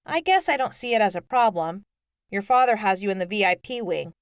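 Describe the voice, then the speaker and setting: A woman's voice: medium pitch, lively intonation, brisk, smooth, no echo, clean studio sound, close to an everyday voice. A woman voicing a kind but firm hospital nurse in an audiobook, speaking politely and reasonably. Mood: gently firm. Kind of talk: audiobook character voice.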